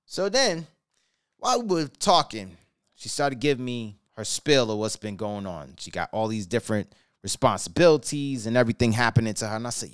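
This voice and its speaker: A man's voice: mid-range voice, big pitch swings, normal speed, smooth, no room sound, clean studio sound. A man hosting a podcast, giving a hyped, sing-song pep talk in the style of a boxing announcer, then telling a story in a casual, conversational way. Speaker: podcast host.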